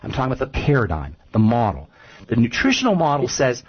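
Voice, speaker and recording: A man's voice: medium pitch, huge pitch swings, quick pace, slightly rough, dull audio. A man speaking as a nutrition expert guest on a radio talk show, emphatic and repeating his points, often telling stories.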